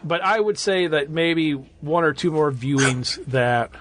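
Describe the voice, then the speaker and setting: A man's voice: fairly high pitch, expressive, unhurried, fairly bright tone, slight background noise. A man in his thirties or forties, a podcast co-host reviewing a horror film in a rambling, casual way with lots of fillers and restarts. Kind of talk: casual movie review chat.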